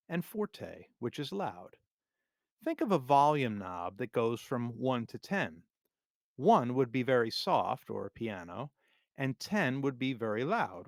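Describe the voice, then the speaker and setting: A man teaching music theory for drummers in a scripted, measured, clearly explained lesson narration. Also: medium pitch, dry recording, clean studio sound. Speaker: drum teacher.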